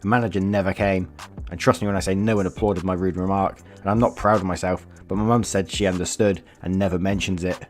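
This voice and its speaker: A man's voice: sits low, steady tone, quick pace, soft background music. Chatty man reading stories. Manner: chatty, laughs often, swears casually. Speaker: channel host reading viewer stories. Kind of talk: casual read-aloud storytelling with commentary.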